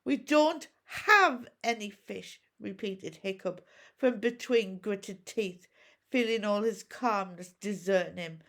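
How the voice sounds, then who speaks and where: A woman teacher reading a storybook aloud to pupils in an expressive, measured way. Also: medium pitch.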